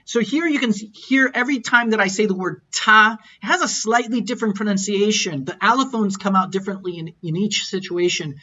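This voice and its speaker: A man leads an online pronunciation lesson with a sharp, bright voice. He explains a point, then models example phrases slowly and repeats them. The webinar audio is slightly muffled and lo-fi. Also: high-pitched, a little hiss or hum. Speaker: language teacher.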